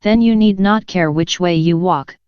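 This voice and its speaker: A woman's voice: lowish voice, normal speed, clear, resonant tone, no room sound, lightly acted. Sly grinning cat, read by a woman. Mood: teasing. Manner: teasing, matter-of-fact. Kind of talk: audiobook character reading. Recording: dull lo-fi sound.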